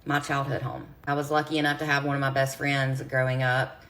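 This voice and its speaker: Low-voiced woman telling a story. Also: flat delivery, brisk, fairly bright tone. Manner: earnest, direct, speaks straight to viewers. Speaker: true crime creator. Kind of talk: personal storytelling to camera.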